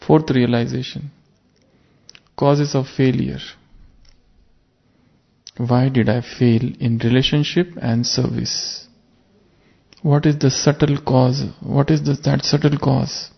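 Speaking slowly with frequent pauses, a spiritual teacher gives a reflective sermon framed by a parable, earnestly asking his listeners searching rhetorical questions. His mid-range voice is steady, gravelly, and slightly rough. The audio is muffled and lo-fi.

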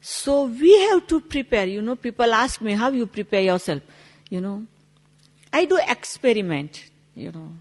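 A woman's voice: a little high, animated, moderate pace, breathy edge, big-room sound. A woman giving a spiritual talk, telling a story with acted-out dialogue in non-native English. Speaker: spiritual teacher.

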